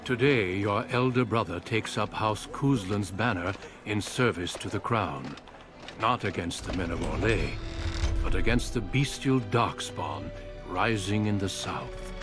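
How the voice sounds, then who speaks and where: An actor giving grave, measured scripted narration as a fantasy game narrator. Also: male voice, fairly low pitch, animated. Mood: solemn. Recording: game audio with music.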